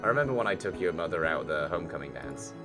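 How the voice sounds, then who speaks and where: A man voicing a calm, firm father in a story game, speaking in a low, steady fatherly tone. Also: fast, music in the background. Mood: fond.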